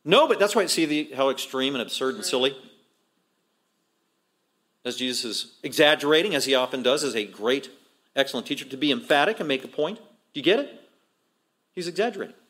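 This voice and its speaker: A man's voice: mid-range voice, lively intonation, a little fast, long pauses, a bit bright. A middle-aged male pastor preaching an expository sermon, acting out quoted voices with emphatic rises.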